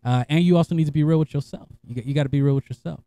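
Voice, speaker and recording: Man, middle-aged, podcast host, fairly high voice, laughing, profane, casual storytelling. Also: racing, warm tone, no echo.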